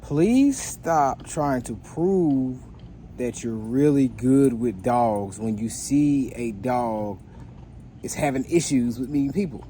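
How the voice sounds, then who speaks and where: A man who works as a dog trainer talks casually to his viewers, recounting a story in a loose, meandering way with plenty of "um"s and restarts. His voice is mellow and mid-pitched, with a faint hiss under it. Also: slow. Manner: relaxed, rambling with many fillers and restarts.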